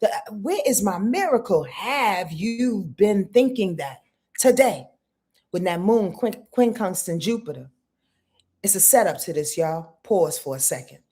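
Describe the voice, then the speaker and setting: Emphatic woman astrologer, mellow voice. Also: fairly low pitch, lively intonation, a little slow, breathy edge. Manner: emphatic, repeats herself, rhetorical questions; talks straight to viewers in chat. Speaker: astrologer host. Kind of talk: live-stream astrology forecast.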